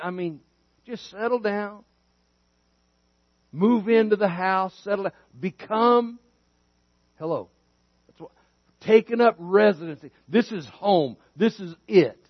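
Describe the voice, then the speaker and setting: A man preaches a sermon, telling homespun stories and building to emphatic points. His voice sits high for a man. The sound is dry and a little dull. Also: unhurried, pauses often, no room sound. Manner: folksy storytelling preacher, rises in pitch for emphasis. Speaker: pastor.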